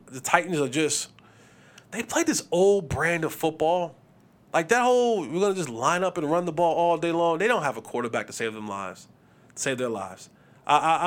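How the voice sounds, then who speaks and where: On his own show, a former receiver turned podcast host talks sports in a casual way. His voice is high, and he's lively and blunt, tossing out fast picks and trash talk while tripping over words and repeating himself.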